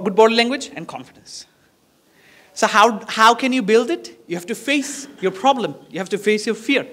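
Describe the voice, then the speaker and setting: A man's voice: sits high, fairly bright tone. A male English teacher with a Bangladeshi accent giving a classroom lesson on presentation skills, encouraging and repetitive, demonstrating poses as he talks.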